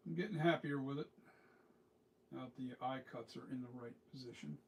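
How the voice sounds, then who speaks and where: A man's voice: mid-range voice, fairly quick, vocal fry. A man talks his way through sculpting a mask in a loose, rambling voice and drifts into asides as he works. He sits back from the mic, so he sounds a little distant. Faint background noise hangs under his voice. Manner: chatty, self-talking while working, rambling asides. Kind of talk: casual workshop narration.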